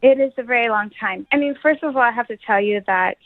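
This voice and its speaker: A woman calling in to a radio show, telling a dating story, animated and exasperated. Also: fairly high pitch, quick pace, no echo. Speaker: caller. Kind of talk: phone call to a radio show. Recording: tinny dry phone line.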